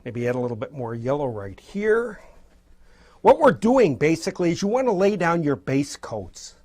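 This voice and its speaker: Male art instructor, slightly higher pitch, husky tone; relaxed, encouraging demo delivery. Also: moderate pace. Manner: encouraging, loose and spontaneous, fires things in. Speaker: painting instructor. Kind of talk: casual painting demonstration.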